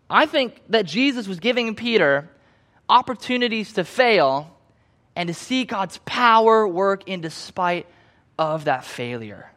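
A young man preaching with a high, light voice. He tells the story casually, like he is chatting with the room, and briefly acts out the voices of the people in it. The delivery is relaxed and conversational. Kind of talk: sermon.

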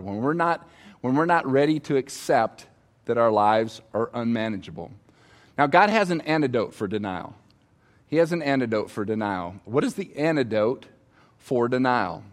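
Middle-aged male pastor, conversational sermon from the stage, storytelling, calls on the audience, mid-range voice. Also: mid-range voice. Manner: conversational, asks the audience to respond, tells personal stories. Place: on stage before a congregation.

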